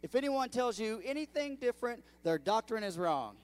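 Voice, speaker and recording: A man pastor preaching a sermon to his congregation, calling out to the room and swinging between hushed and loud delivery. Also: very high-pitched, moderate pace. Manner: animated preaching with audience call-outs. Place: church sanctuary.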